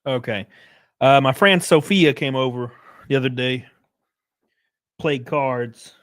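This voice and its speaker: A male streamer talking casually to his chat in a loose, profane way. His voice sits at an ordinary middle pitch, and he keeps calling out viewers by name. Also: takes it slowly. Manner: loose, swearing, shouts out chatters.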